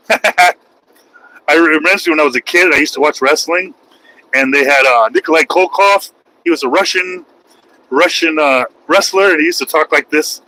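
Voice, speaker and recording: A man's voice: a little high, normal speed, rough recording. Rambling, joking man trucker. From United States. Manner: rambling, joking, breaks into loud outbursts. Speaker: truck driver and streamer. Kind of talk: casual livestream chat while driving. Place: truck cab on the highway.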